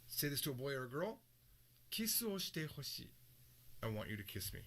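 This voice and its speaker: A man teaching a recorded language lesson, explaining with lively, joking examples. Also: on the high side, normal speed, vocal fry. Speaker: Japanese teacher.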